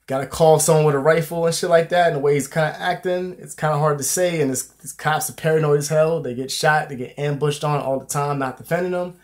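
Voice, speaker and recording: A man's voice: on the high side, steady tone, fast, hardly any pauses. A young man talking casually to his viewers in a vlog, loose and profane, with plenty of slang and fillers. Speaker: vlogger.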